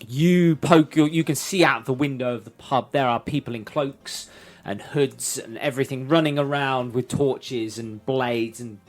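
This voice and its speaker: Male game master narrating a tabletop scene at an even pitch, faint music underneath. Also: unhurried, hardly any pauses.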